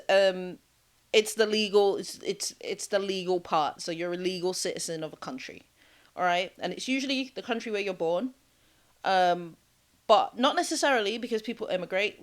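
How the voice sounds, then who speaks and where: A woman from Jamaica with a British accent, co-hosting a podcast in casual chat and checking in with her listeners as she goes. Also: on the low side. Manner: conversational, checks in with "all right?". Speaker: podcast co-host.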